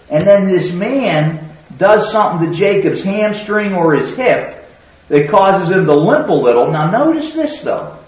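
A man preaching a sermon in a conversational, teaching way, often putting questions to his listeners. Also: high voice. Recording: very echoey hall, distant mic, dull sound.

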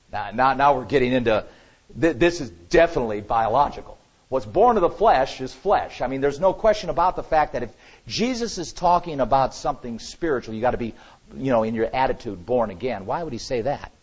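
A man preaching a sermon in an animated way, swinging between loud emphasis and quiet asides, with a husky voice. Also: medium pitch, highs cut off.

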